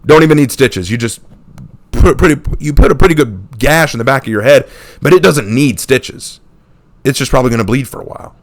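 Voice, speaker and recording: A man voicing a calm doctor who gives matter-of-fact reassurance in a story. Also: medium pitch, brisk, no room sound, close to an everyday voice. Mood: reassuring.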